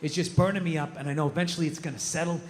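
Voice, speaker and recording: A male stand-up comedian ranting and swearing, swinging from low muttering to shouting. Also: fairly even intonation, rapid-fire. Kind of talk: stand-up routine. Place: comedy club stage. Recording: noisy stage recording with long reverb.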